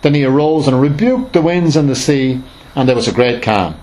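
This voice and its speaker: A man's voice: medium pitch, animated, moderate pace, a little mellow, slight background noise, low-quality recording. A man leading an informal Bible study, reading scripture aloud and explaining it in a conversational, emphatic way with many fillers and restarts.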